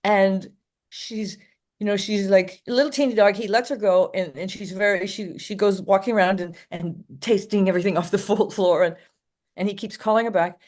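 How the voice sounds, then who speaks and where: A woman's voice: mid-range voice, fairly even intonation, normal speed, darkish tone. An older woman, a dog trainer, chatting casually in an interview and telling rambling anecdotes with frequent laughs.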